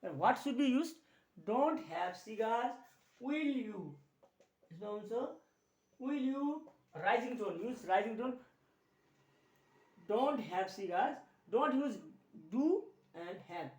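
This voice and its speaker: A male teacher with a Nepali accent giving an English grammar lesson, speaking slowly, repeating key words and slipping into Nepali to explain. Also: high voice, lively intonation, darkish tone, distant mic. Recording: echoey room, voice a little off-mic.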